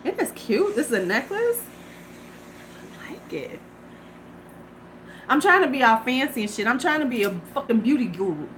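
A woman's voice: high-pitched, sing-song, moderate pace, long pauses, fairly bright tone, poor audio. A middle-aged woman chatting casually and profanely to viewers on a beauty livestream from her porch. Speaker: beauty vlogger. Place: home porch. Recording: faint ambient noise.

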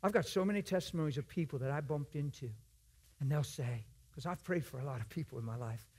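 A man giving a sermon in a church, swinging from hushed whispers to loud shouted emphasis and acting out conversations in other voices. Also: on the high side, fast talker, husky. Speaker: guest preacher.

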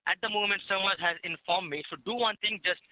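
A man's voice: sits high, quick pace. A man on a phone call, pleading and repeatedly saying "madam". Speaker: scam caller. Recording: tinny phone line.

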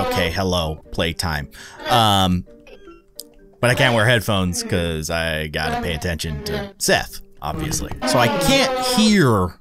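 A man in his thirties hosting a let's-play at home, excitably gasping and laughing as he comments on a scary game. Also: medium pitch. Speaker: gaming video host. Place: home with his young son nearby.

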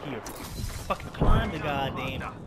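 A man's voice: on the high side, lively intonation, unhurried, very noisy. A man giving profane, raging commentary while playing a shooter game. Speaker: gaming video creator. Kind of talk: live gameplay commentary. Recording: loud game gunfire over voice.

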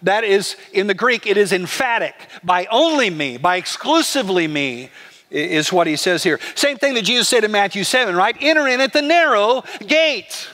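A man preaching a sermon as pastor, conversational and animated. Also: high voice, moderate pace, big-room sound. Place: church sanctuary.

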